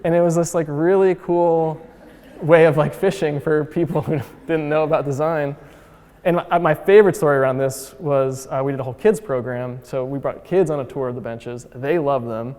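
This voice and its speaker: A man's voice: a little high, fairly even intonation, normal speed, darkish tone. A man giving a casual, upbeat lecture about his design museum, talking in a chatty way with lots of fillers. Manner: chatty and upbeat, heavy use of "like" and "uh"; acts out quotes with voice shifts. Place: lecture hall. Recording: long reverb of a lecture hall.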